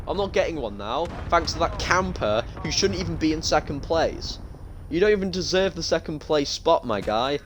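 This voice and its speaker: Chatty British teen streamer ranting. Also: male voice, on the high side, sing-song, normal speed, slight background noise. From United Kingdom. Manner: chatty and ranting, frequent restarts. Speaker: game streamer. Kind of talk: casual gaming stream chat. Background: faint game gunfire.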